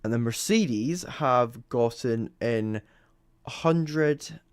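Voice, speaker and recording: A man's voice: medium pitch, very slow, clear, resonant tone, dry recording. Chatty Scottish man commentating live. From Scotland. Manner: rambling, chatty, lots of ums and self-corrections. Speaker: motorsport livestream host. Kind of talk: live commentary over timing screens.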